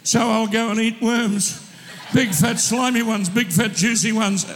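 A man's voice: sits high, steady tone, unhurried, long reverb tail, a little hiss or hum. A man doing a whiny self-pitying churchgoer. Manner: whiny, sulky mock lament.

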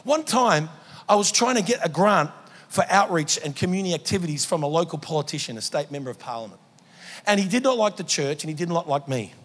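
High-voiced pastor preaching. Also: male voice, lively intonation, fast. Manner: storytelling, builds to shouted exhortation. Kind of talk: sermon. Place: church. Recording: long hall reverb in a church.

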